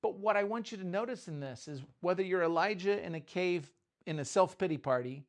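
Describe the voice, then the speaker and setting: A man's voice: high voice, animated, brisk. A man giving an informal, joking sermon, often stopping and restarting his sentences. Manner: conversational, self-interrupting, joking asides. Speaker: pastor.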